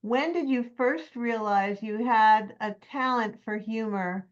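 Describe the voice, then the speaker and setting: A woman hosting an online meeting Q&A, relaxed and informal. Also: fairly high pitch, slow. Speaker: meeting host. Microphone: video call. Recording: dull, muffled video call audio.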